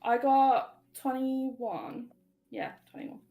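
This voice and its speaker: A woman's voice: sits high, sing-song, very slow, dark tone. A woman taking part as a player in a tabletop game, rambling with many fillers as she describes her character's actions.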